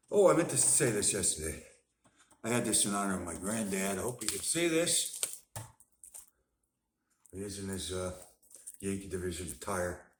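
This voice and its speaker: A low-voiced man talks through a casual video diary, rambling with fillers and self-corrections. He is self-deprecating and chuckles at his own stories. The sound has a roomy echo. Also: a little hiss or hum. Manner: self-deprecating, laughs at himself. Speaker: vlogger sharing his life with bipolar disorder.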